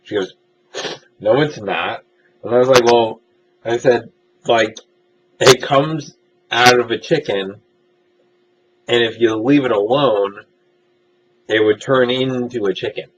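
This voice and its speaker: A man's voice: mid-range voice, slow, long pauses, lo-fi sound, a little hiss or hum. A young man casually telling personal stories as a vlogger, rambling and self-deprecating with lots of filler uhs. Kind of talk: casual storytelling monologue.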